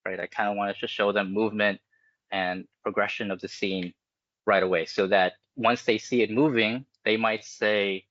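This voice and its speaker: A man's voice: fairly low pitch, steady tone, moderate pace, fairly bright tone, no room sound, lo-fi sound. A man, a game animator, talking casually in an interview, explaining his process with many fillers and restarts. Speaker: animator guest.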